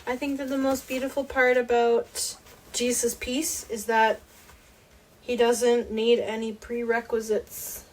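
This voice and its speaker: Unhurried young woman co-host, giggly. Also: on the high side, flat delivery, a little hiss or hum. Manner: warm, giggly, agreeing. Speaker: podcast co-host. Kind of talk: casual faith chat. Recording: voice a bit distant from mic.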